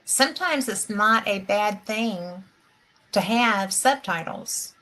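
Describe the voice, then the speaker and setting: Bright-voiced American woman host. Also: medium pitch, slow, rough recording. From United States. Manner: supportive, agreeing. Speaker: interview host. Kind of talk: casual interview chat.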